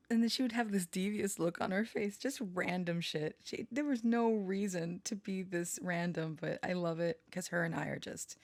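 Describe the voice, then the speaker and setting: A woman's voice: lowish voice, dry recording. A woman hosting a tarot channel, chatting casually and tenderly, rambling and laughing often. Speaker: tarot reader and channel host. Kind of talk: casual personal chat.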